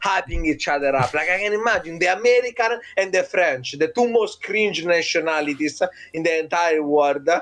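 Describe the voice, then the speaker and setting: A man's voice: fairly high pitch, animated, normal speed, few pauses, fairly bright tone. A man casting an esports match in a casual, mocking style, teasing his co-caster and laughing often. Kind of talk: casual game commentary.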